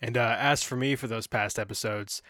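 A man's voice: medium pitch, fairly even intonation, normal speed, sharp tone. Teasing male podcast co-host. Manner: teasing, brief wisecracks. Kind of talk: casual podcast chat.

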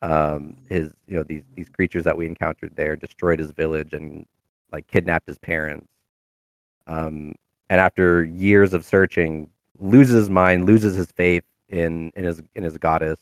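A man's voice: low-pitched, steady tone, unhurried, no room sound, studio quality. A man chatting casually about his game character, rambling with many fillers and restarts. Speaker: tabletop game player. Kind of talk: casual chat.

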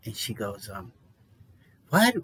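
A man with a husky, breathy voice at an ordinary pitch chats on a podcast. He tells a long, rambling story about himself, pokes fun at himself and laughs a lot along the way. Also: animated, normal speed. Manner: rambling, self-deprecating, laughs often. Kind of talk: casual chat, storytelling.

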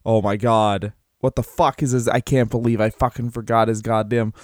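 A man's voice: medium pitch, little pitch movement, brisk, no echo, clean studio sound. A man co-hosting a comedy podcast, riffing in a rambling way and laughing often. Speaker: podcast co-host.

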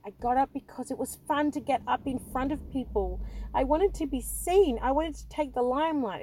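Speaking in a mellow voice on the higher side, a middle-aged woman hosts a podcast and tells personal stories at her own expense. It's a monologue punctuated by frequent laughter and nervous sentence restarts.

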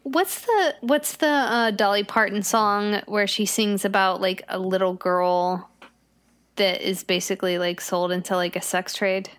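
A woman's voice: medium pitch, fairly even intonation, a little slow, clean tone. A woman playing a tabletop game with friends, chatty and meandering in her questions. She speaks in an ordinary middle voice. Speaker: player. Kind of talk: casual game chat.

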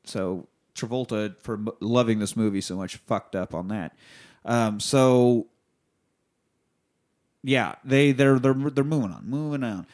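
A man's voice: medium pitch, a little slow, a little mellow. A man hosting a podcast who recaps a movie in a loose, profane, rambling way. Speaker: podcast host.

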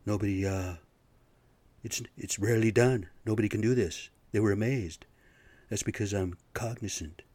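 Man imitating a bragging male politician, repetitive, low-pitched, dry. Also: normal speed, a little mellow, no echo, lightly acted. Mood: boastful. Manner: repetitive, boastful. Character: boastful male politician bragging about a test.

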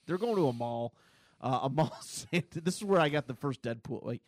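A male podcast co-host chatting casually about comics, retelling scenes with pauses, fillers and laughs. His voice sits at a middle pitch. The sound is dry and close. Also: animated, darkish tone, no room sound. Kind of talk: casual chat.

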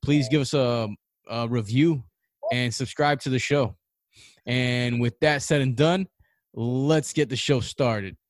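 A man's voice: medium pitch, slow pace, no room sound, studio quality. A man hosting a casual gaming podcast, talking in a laid-back, rambling way with fillers and restarts. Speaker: podcast host. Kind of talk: casual chat.

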